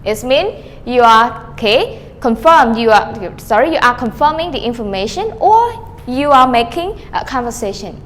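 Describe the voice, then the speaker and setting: High-voiced woman teaching grammar. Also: sing-song, normal speed, fairly bright tone, in a large hall. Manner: repeats "okay" often, calls herself teacher; models question-tag intonation with rising and falling tones. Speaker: English teacher. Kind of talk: recorded online grammar lesson.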